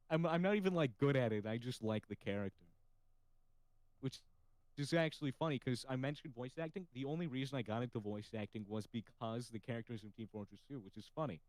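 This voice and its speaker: A man's voice: mid-range voice, a little fast, darkish tone, no room sound, poor audio. A man hosting a casual podcast chat, with a slightly nasal voice, who talks freely, swears casually and laughs often. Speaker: podcast host.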